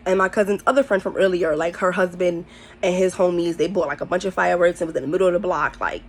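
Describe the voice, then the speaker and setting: A young woman telling a storytime vlog, animated and slangy, laughing often as she talks. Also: lowish voice, fast, slight background noise. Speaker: vlogger.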